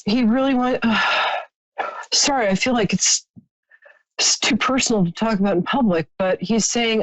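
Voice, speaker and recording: A woman's voice: fairly high pitch, measured pace, fairly bright tone, no room sound, dull audio. A woman hosting a live stream, chatting sympathetically with a caller as she gives a psychic reading, with many fillers and restarts.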